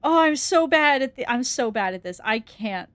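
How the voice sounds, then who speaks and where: A woman's voice: sits high, expressive, normal speed, a bit bright, no echo. A woman streamer giving let's-play commentary on a horror game, jumpy and scared, swearing and laughing nervously.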